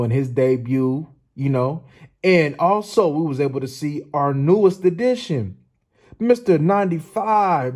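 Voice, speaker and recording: A man hosting his own channel, giving an excited football film breakdown, laughing often and repeating his points for emphasis. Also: mid-range voice. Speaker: sports channel host.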